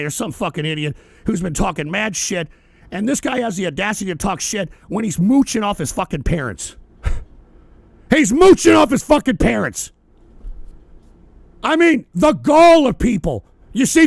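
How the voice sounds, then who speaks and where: High-pitched, gravelly man ranting profanely. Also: no room sound. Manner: profane, ranting, often shouting angrily. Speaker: host of a political talk stream. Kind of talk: live-streamed talk show, responding to chat.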